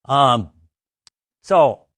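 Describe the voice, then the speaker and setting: An American man gives a conversational training talk packed with anecdotes, often checking in with "right?" His mid-range voice has lively intonation and a fairly bright tone, and he speaks extremely slowly. It's recorded on a studio mic.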